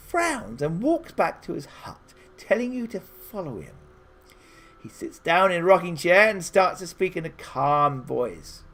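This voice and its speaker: A man's voice: high-pitched, sing-song, a little slow, fairly bright tone. A man hosting a gamebook playthrough, reading the story aloud with theatrical, chatty asides. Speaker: game host.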